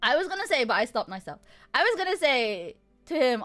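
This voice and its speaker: A woman streamer telling a story in casual chat, animated, laughing often and swearing freely. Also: high voice, fairly quick, faint music behind.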